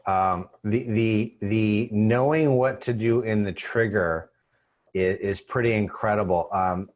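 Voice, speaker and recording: A man with a somewhat low voice hosts an interview as a couples counselor. He affirms what he hears and muses aloud with frequent fillers. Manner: warm, affirming, many fillers. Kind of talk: interview conversation.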